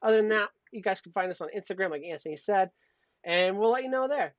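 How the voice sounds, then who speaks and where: A man's voice: sits high, expressive, fast talker, no echo. A man co-hosting a livestream, casual chat that rambles with crude jokes. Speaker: co-host. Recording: dull lo-fi stream audio.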